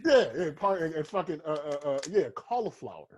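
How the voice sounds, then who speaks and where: A man's voice: a little high, very animated, fairly quick, slightly rough. A man comedian co-hosting a podcast in casual, profane banter, rambling and slipping into mocking voices for his bits. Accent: American.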